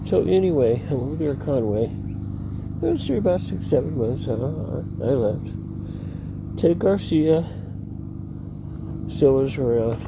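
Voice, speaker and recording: A man's voice: fairly high pitch, lively intonation, a little slow, pauses often, background noise. A man outdoors telling rambling personal stories, often cutting himself off and laughing at his own tales. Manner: meandering, self-interrupting, laughs at own stories. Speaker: vlogger.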